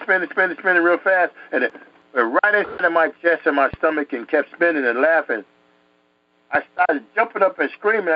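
A man's voice: mid-range voice, no echo. A man from New York telling a dramatic personal story, emphatic and repeating words for effect. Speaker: guest telling his testimony. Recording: dull dry recording.

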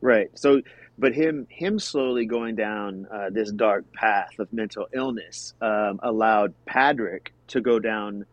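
A man's voice: fairly low pitch, slow pace, highs cut off. A man co-hosting a casual film discussion, earnest and repeating words as he builds his point. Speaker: podcast co-host discussing a film. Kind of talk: casual chat.

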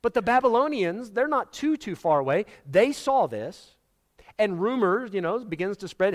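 A man's voice: high-pitched, lively intonation, moderate pace. A man preaching a sermon, telling stories dramatically and acting out the voices of the people in them. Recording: long hall reverb.

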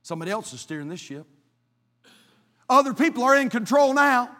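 A man's voice: extremely high pitch, sing-song, fairly quick, bright, forceful tone, pitched above the performer's own voice, full character voice. A man voicing the devil as a mock-friendly, sneering tempter during a sermon, heard in a hall with long reverb. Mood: taunting. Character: taunting devil mocking a congregation.

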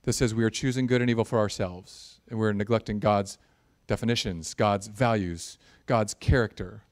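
A man preaching a sermon, animated and jokey, building in intensity at times. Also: fairly low pitch, normal speed. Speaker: pastor.

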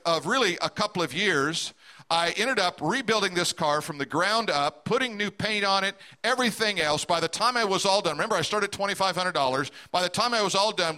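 A man's voice: high-pitched, pushed and bright. A middle-aged man preaching a sermon as a pastor, telling a personal story and asking the congregation direct questions.

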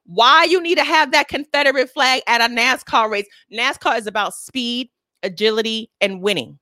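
A woman's voice: normal speed, bright, forceful tone, no room sound. Brooklyn woman host, sassy sarcastic commentary, very dry close sound. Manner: sassy, sarcastic, emphatic with swings into high exclamations. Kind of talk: sassy scripted news commentary.

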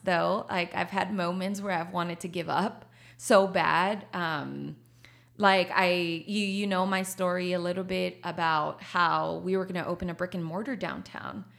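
A woman's voice: lowish voice, gravelly, a bit bright. A woman, a coffee shop owner talking casually in an interview, laughing often and slipping into Spanish. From Texas.

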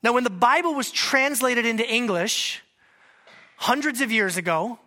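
Bright-voiced pastor preaching conversationally. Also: male voice, very high voice, moderate pace. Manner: conversational, checks in with the congregation. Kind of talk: sermon. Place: church in Washington state.

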